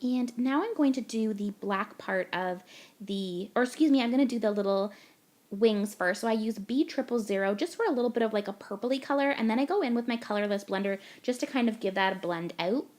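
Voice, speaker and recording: A woman's voice: on the high side, fairly quick, a little mellow. A young woman from Canada, gushing and chatty as she talks through a card-making tutorial voice-over step by step.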